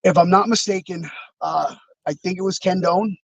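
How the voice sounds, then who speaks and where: A man's voice: high-pitched, fairly even intonation, normal speed, gravelly, slight background noise, low-quality recording. A man being interviewed over a video call, telling rambling, reflective stories with many fillers and restarts. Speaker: interview guest, former wrestler. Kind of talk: casual storytelling.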